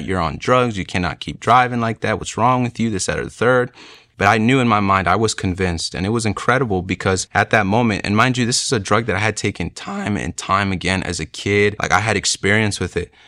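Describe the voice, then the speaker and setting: A man's voice: fairly low pitch, sharp tone, no room sound, clean studio sound. A young man telling his personal faith testimony in an earnest storytelling way, often saying "like" and "you know". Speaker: testimony speaker.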